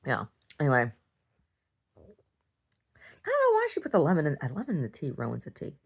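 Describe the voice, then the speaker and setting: A woman's voice: deep voice, wildly swooping pitch, fairly quick, vocal fry, husky. A woman talking casually in a video diary, chatty and self-interrupting, laughing often. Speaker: video diarist.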